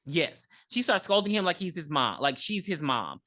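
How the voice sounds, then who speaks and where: Animated woman recapping a movie. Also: low-pitched, moderate pace. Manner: animated retelling, acting out characters, swearing. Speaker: podcast co-host. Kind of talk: casual movie review chat.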